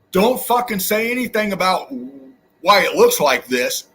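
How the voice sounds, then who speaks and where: A man's voice: sits high, sing-song, a little slow, a bit bright. A man hosting his own channel, delivering an angry, profane, preachy rant straight at his viewers. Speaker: channel host. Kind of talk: angry ranting monologue.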